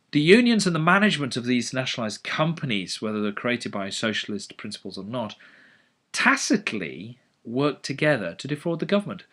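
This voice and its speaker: A man giving an educational economics lecture, animated and full of sardonic asides. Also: medium pitch.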